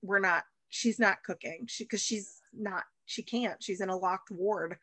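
A woman's voice: medium pitch, measured pace, bright, forceful tone, dry recording. A woman in her thirties from the United States, a baker and chef, talking as a guest in a casual interview and rambling with many fillers and restarts.

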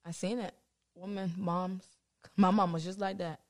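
A woman's voice: lowish voice, level tone, moderate pace, darkish tone. A young woman co-hosting a podcast in casual chat, playful and slangy, laughing often. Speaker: podcast co-host.

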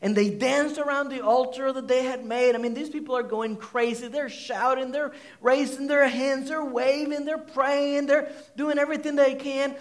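A man preaching a sermon to a congregation in a conversational, animated way, asking the audience questions and using many fillers. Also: very high voice, normal speed, few pauses. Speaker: pastor. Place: church hall before a congregation.

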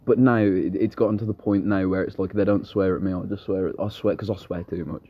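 A man's voice: sits low, steady tone, quick pace, highs cut off. A young man in casual chat, blunt, swearing freely and rambling through stories.

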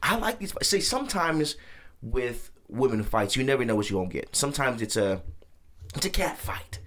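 Dude hosting a podcast, swears a lot, voice all over the place, mid pitch. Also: male voice, moderate pace. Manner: animated, profane, talks over fight commentary. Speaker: podcast host. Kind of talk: casual chat.

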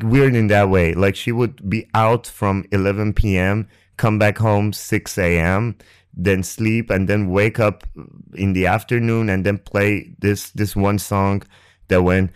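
A man tells a loose, profane story full of fillers and asides. His voice is low and smooth, and he speaks close to an ASMR mic. The sound is dry. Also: no room sound. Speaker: podcast host. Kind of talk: casual storytelling.

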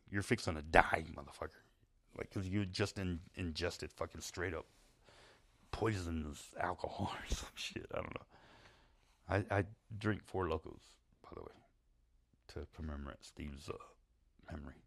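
A man with a deep, gravelly voice tells profane, casual stories at a moderate pace. He rambles, swears and laughs at his own tale.

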